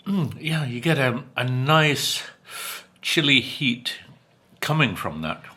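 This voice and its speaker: An older man talks about the food he is eating at home, in an unhurried and chatty way with a dry wit. His voice is bright and a little forceful. He pauses to chew and hum between remarks. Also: mid-range voice, animated. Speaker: food vlogger. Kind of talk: casual food review while eating.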